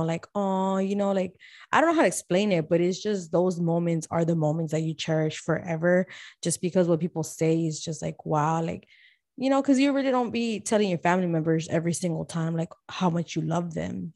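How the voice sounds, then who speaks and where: Young woman podcast co-host: slangy, laughing, lower register, dry sound. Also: no echo. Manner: loud, playful, slangy, laughs often. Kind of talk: casual chat.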